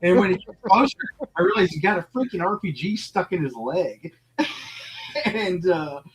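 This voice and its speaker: A man's voice: high-pitched, lively intonation, normal speed, low-quality recording. A man who is a military veteran, telling crude stories and laughing on a casual podcast.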